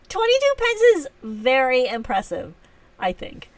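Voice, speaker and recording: A woman's voice: high voice, no room sound, recorded from a distance. A woman hosting a live stream, chatting casually with viewers and teasing herself, with frequent laughs. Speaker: livestream host.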